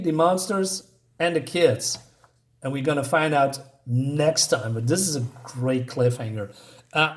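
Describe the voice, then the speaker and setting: A man gives a casual comic book review, searching for words with frequent hesitations. His voice is mid-high for a man. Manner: hesitant, many fillers and restarts.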